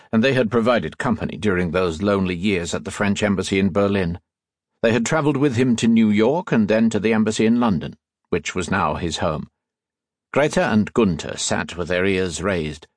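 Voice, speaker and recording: Male audiobook narrator, low voice, husky, dry close mic, steady measured reading. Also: no echo. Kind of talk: scripted narration.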